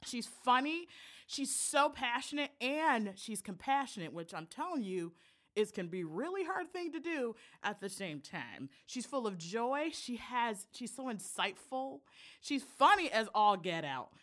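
A woman hosting a casual podcast, bubbly and giggly, hyping up her guest with animated enthusiasm. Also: fairly high pitch, a little slow. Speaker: podcast host. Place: Chicago.

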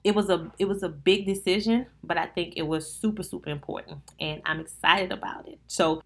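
A woman with a New Orleans accent, a wedding planner hosting a casual solo podcast, chatting straight to her listeners in an animated, down-to-earth way. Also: lowish voice, fairly quick.

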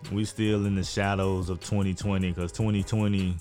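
A man's voice: low voice, little pitch movement, normal speed, few pauses, a little mellow, faint music behind. A man hosting a casual podcast monologue, talking in a laid-back, frank and profane way. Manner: laid-back, frank and profane, often says "you know what I'm saying". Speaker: podcast host.

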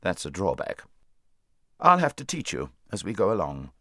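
Male reader doing a haughty talking war horse, low voice, lively and commanding, dry close sound. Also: no echo, exaggerated voice. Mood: brisk. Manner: brisk, commanding, contemptuous.

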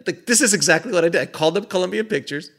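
A man, a filmmaker guest, chatting casually in an interview and telling animated stories with frequent laughs and restarts. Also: high-pitched, very fast. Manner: animated storyteller, laughs often, many restarts.

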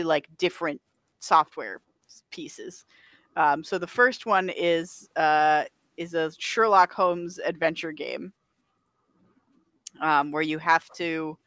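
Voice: mid-range voice, fairly bright tone, dry recording, clean studio sound. A podcast co-host in casual chat, rambling with many filler words and frequent laughs. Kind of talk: casual chat about a video game.

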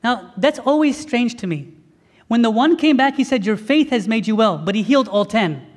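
A man, a priest, giving a sermon and telling a story with lively acted-out dialogue. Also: very high-pitched, normal speed, in a large hall. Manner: animated storytelling, acting out dialogue.

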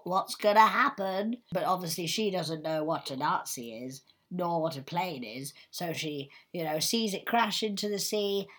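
A woman in casual film chat, playful and chatty, acting out bits of the scenes. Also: lowish voice. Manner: chatty, playful, acts out characters.

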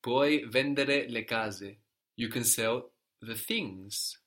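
A man's voice: medium pitch, takes it slowly, fairly bright tone. A man teaching a language lesson, patiently prompting a student and explaining grammar step by step.

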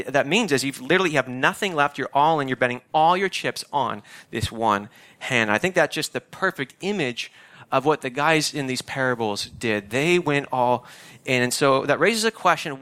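A man's voice: medium pitch, expressive, normal speed, fairly bright tone. A man, a pastor giving a conversational, emphatic sermon that repeats its key phrases.

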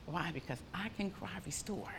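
A woman preaching a sermon with fervent, repetitive declarations that rise into loud praise. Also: on the low side, expressive, normal speed, in a large hall, a little hiss or hum.

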